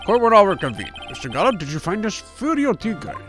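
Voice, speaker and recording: A game streamer voicing a timid, flustered elderly male judge, speaking high and fussily while reading game dialogue aloud. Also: very animated, brisk, soft background music, natural voice. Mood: formal. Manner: fussy, stammering, high and nervous.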